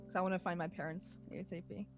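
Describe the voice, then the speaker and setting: A woman playing a tabletop game, chatting in a playful, excitable way. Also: on the low side, quick pace, creaky, music in the background. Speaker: player.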